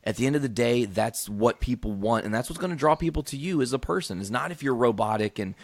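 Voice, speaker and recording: A man's voice: mid-range voice, expressive, fast, no echo. A man hosting a podcast in casual chat, swearing freely and confidently giving advice. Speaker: podcast host.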